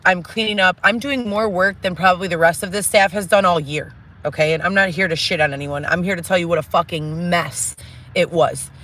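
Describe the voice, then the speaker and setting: A woman's voice: fairly low pitch, fairly quick, a bit bright. A woman in a candid vlog monologue, talking bluntly and emphatically, swearing often, rambling from point to point and piling up lists. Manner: rambling, piles up lists and restarts. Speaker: vlogger telling personal stories.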